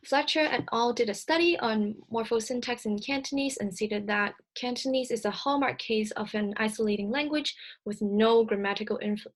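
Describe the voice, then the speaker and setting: A young woman delivers a recorded slide lecture in a slightly higher voice. She explains each point carefully and methodically, pausing on ums and correcting herself mid-phrase. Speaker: speech-language presenter.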